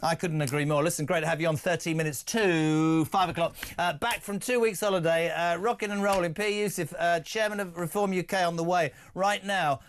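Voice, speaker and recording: A man hosting live talk radio, brash and full of quick asides. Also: a little high, fairly even intonation. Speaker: radio talk show host. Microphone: studio microphone.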